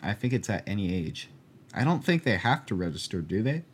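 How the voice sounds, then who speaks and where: A man's voice: lowish voice, very animated, fairly quick, a little hiss or hum. A man hosting a casual podcast, quizzing his co-host with dry, teasing jokes.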